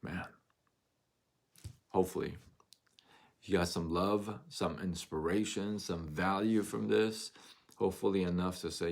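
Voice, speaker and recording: A man's voice: deep voice, expressive, unhurried, vocal fry. A man hosting a motivational live stream, speaking earnestly and getting emotional as he repeats his encouragement.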